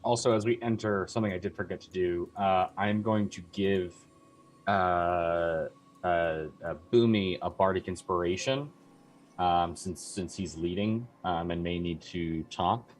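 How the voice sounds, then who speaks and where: A man's voice: deep voice, fairly even intonation, a little slow, a little hiss or hum. A man playing in a tabletop game, talking casually in a playful way. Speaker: player.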